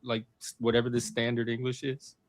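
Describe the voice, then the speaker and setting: A man's voice: mid-range voice, monotone, a little fast, dry recording, clean studio sound. Wry man on a panel call. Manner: wry, needling. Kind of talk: casual panel debate.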